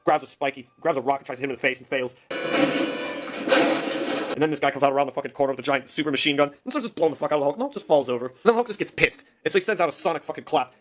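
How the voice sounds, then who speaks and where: A man's voice: fairly high pitch, racing, loud music behind the voice. A man recapping a comic book in a casual, rambling, profane way.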